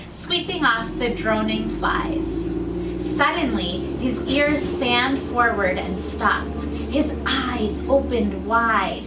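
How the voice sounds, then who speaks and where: A woman who reads a children's story aloud slowly and gently, as a teacher. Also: on the high side, background noise. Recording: echoey room, mic far off, faint ambience.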